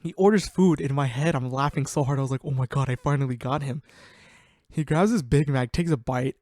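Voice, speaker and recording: Talking fairly quickly in a medium-pitched voice, a young male podcast host laughs and curses his way through lively, casual tales about his mates. There's no echo on the recording.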